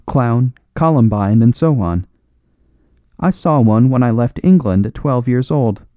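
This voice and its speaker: A man's voice: mid-range voice, no echo, muffled recording, close to an everyday voice. A man voicing a boisterous, big-hearted Canadian farmer in an exuberant, hearty way for a storybook reading.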